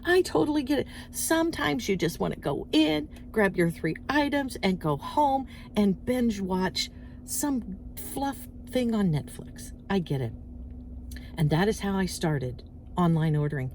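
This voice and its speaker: A woman's voice: mid-range voice, expressive, unhurried, a little mellow, a little hiss or hum. A middle-aged woman chatting animatedly into her phone outdoors, telling stories and acting out little voices. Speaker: vlogger. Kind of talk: casual chatty rant to camera. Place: outdoors, waiting in parked car area.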